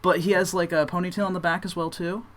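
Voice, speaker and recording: A man's voice: sits high, little pitch movement, quick pace, a bit bright. A young man narrating a tabletop game as game master, casual and rambling with many fillers.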